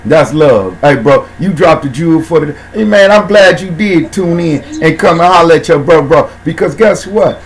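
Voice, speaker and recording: A man hosting a casual talk show, speaking in slang and shouting out viewers by name. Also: fairly high pitch, animated, normal speed, hardly any pauses, slight background noise, low-quality recording. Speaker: host.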